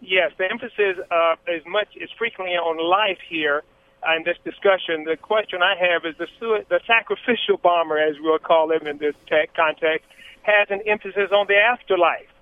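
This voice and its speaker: A man's voice: high voice, moderate pace. A man calling in to a radio show on a phone line that breaks up, asking a question hesitantly. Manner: hesitant, searching for words. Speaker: caller.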